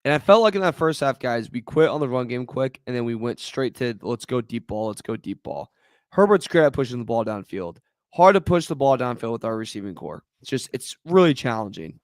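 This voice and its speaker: A man with a smooth, resonant voice co-hosts a sports podcast. He talks through plays in a measured, analytical way in casual chat. The recording is dry and close. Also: mid-range voice, very animated, dry recording. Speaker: podcast co-host.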